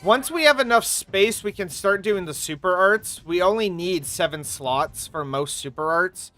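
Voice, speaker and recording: A woman's voice: fairly low pitch, animated, moderate pace, a bit bright, faint music behind. A woman streaming her gameplay live, coming down with a sore throat and coughing, chatting casually in a rambling way and swearing now and then. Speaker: game streamer.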